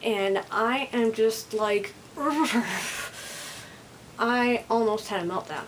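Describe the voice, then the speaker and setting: A woman vlogging to camera while overstimulated, talking louder than usual in a rambling way that sounds angry and on edge. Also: a little high, slight background noise, low-quality recording. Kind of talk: casual vlog monologue to camera.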